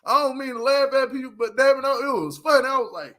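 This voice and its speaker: A man riffing through a reality show recap in loose, slangy commentary, laughing often at what he saw. His voice sits high and sounds bright and sharp. The delivery is animated and conversational. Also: fast, hardly any pauses. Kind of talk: casual commentary vlog.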